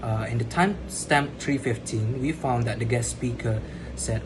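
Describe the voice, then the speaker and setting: Young man giving a class presentation. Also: mid-range voice. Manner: explanatory, measured, with frequent "uh" fillers. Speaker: student presenter. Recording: steady background noise.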